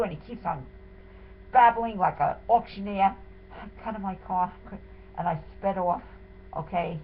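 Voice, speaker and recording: A woman's voice: mid-range voice, a little slow, pauses often. A woman giving an emotional, indignant first-person account of what happened to her and her husband. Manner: indignant, dramatic retelling. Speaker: wife telling her story. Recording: tinny phone-like sound with faint hiss.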